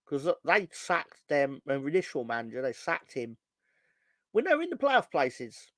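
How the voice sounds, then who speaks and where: Sardonic football fan. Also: male voice, fairly high pitch, huge pitch swings, moderate pace, no echo. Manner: rambling, sardonic, swears freely. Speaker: football podcast co-host. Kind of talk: casual fan chat.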